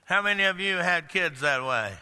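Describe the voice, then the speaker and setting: An older man preaching a sermon, swinging between loud outbursts and low hushed lines. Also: expressive, moderate pace, smooth. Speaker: pastor. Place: large church hall. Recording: long hall reverb.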